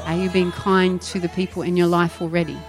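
A woman's voice: fairly low pitch, fairly quick, loud music behind the voice. A woman preaching a sermon, firing rhetorical questions and acting out voices. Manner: animated, rhetorical questions, acts out quoted voices.

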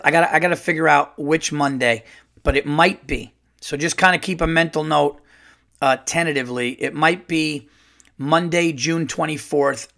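A middle-aged man, a stand-up comedian hosting his own podcast, tells a loose, animated story full of fillers. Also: mid-range voice. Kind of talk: casual solo podcast storytelling.

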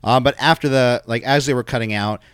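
A man's voice: mid-range voice, brisk, a bit bright, smooth, no room sound, clean studio sound. A man co-hosting a casual podcast, recapping events step by step with jokes and many filler words. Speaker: podcast co-host. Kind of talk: casual wrestling show recap chat.

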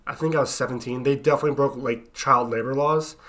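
A man's voice: mid-range voice, steady tone, fast, a bit bright. A young man co-hosting a casual podcast, telling blunt, profane stories. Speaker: podcast co-host. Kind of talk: casual chat.

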